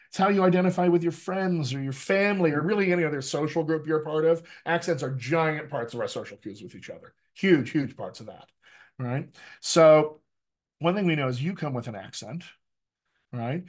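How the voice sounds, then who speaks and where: A middle-aged man leads an accent workshop for actors, his voice sitting a little high for a man. He talks to the group directly and lively, tagging his points with quick questions. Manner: lively, addresses the group directly, frequent "right?" tags. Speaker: dialect coach. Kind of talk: energetic workshop talk.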